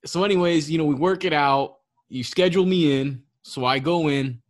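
A man in casual chat, telling a story with lively quoted voices and frequent laughs. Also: on the high side, moderate pace. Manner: animated storytelling, acts out quotes, laughs often.

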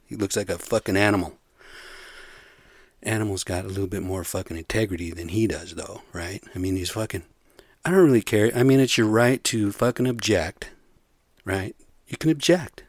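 A man's voice: on the low side, no echo. A man hosting a solo podcast, ranting in a profane, rambling, heated way from his bedroom. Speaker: podcast host.

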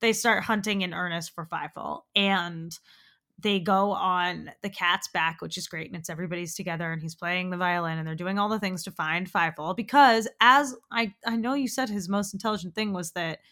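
A woman co-host in casual conversation about an old animated film, her voice sitting a little low for a woman. She talks in an animated way, laughs often and swears without care. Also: normal speed. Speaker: podcast co-host. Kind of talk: casual film discussion chat.

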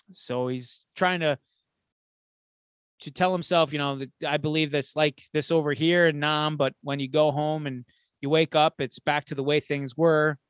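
A man's voice: fairly high pitch, clean tone, dry recording, studio quality. A man co-hosting a podcast, casually retelling a film's plot and acting out the characters' lines with plenty of swearing. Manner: animated storyteller acting out quotes with swearing. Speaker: podcast co-host.

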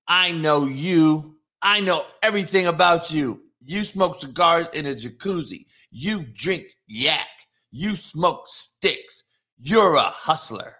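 A man's voice: a little high, expressive, takes it slowly, sharp tone. A middle-aged man and former coach hosting a show, ranting in a brash, profane way and mocking commenters. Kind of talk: profane live-stream rant.

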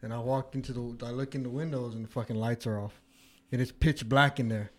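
A man in casual chat, telling a story with lots of swearing and high-pitched quoted voices. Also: steady tone, a little fast.

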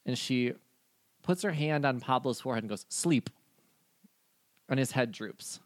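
A man narrates a tabletop game as game master, loose and hesitant, with frequent fillers. His voice is mid-pitched and the recording is close and dry. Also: moderate pace, no echo.

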